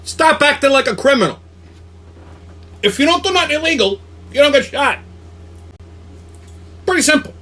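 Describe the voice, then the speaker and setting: A man's voice: very high voice, lively intonation, normal speed, pauses often, sharp tone. A man hosting a weekly commentary show, ranting angrily and profanely, often stopping to ask "okay?" and stumbling over restarts. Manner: profane, combative, repeats "okay?" and restarts words. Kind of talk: angry opinion rant.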